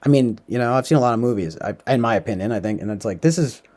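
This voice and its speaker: A man's voice: medium pitch, rapid-fire. A young man casually recapping a movie, rambling with lots of fillers. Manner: rambling, filler-heavy, animated. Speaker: podcast host.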